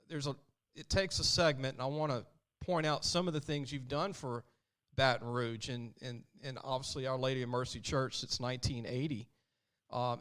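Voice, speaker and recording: A man's voice: a little high, a bit bright. A man hosting a sports podcast, telling stories in a chatty way and acting out the people he quotes. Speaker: podcast host. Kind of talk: casual sports talk.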